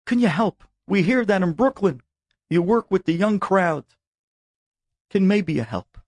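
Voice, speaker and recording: A man acting out an anguished older father, begging for help and close to tears. The voice sits fairly high and sounds dry and close, as if spoken straight into the ear. It is earnest and halting, with a catch of emotion. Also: lively intonation, a little mellow, dry recording, exaggerated voice. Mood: pleading. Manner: emotional, pleading, tearful over the phone. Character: distraught older father pleading for his son.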